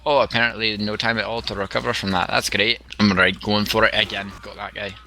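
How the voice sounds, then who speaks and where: A man's voice: on the low side, little pitch movement, brisk, pushed and bright. Rambling young man over game gunfire. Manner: rambling, laughs often, many likes. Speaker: gamer. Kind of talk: casual gameplay chat. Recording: gunfire noise behind.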